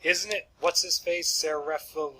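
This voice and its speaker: A man's voice: fairly high pitch, steady tone, unhurried, sharp tone, poor audio. A man living in the American South, co-hosting a podcast in casual chat, laughing often and trailing off. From southern United States. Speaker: podcast co-host.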